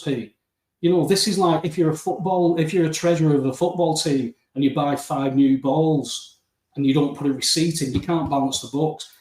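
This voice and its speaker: A man telling his story as an interview guest, acting out the back-and-forth with lively emphasis. His voice sits fairly high for a man. He sounds a little away from the mic, in a noticeably echoey room. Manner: animated storytelling, acting out dialogue, often addressing the host by name. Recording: roomy, distant mic.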